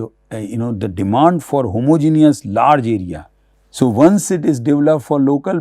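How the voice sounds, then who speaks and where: Low gravelly male lecturer, halting. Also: mellow, no echo, studio quality. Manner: halting, many fillers and restarts. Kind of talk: academic lecture.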